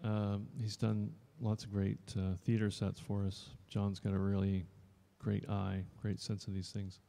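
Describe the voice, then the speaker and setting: A man's voice: lowish voice, monotone, measured pace, vocal fry, warm tone. A man in his fifties, an actor, talking casually to a live audience, rambling and joking with them. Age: 50s. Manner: chatty and rambling, jokes with the audience. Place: showroom. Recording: long reverb in a showroom.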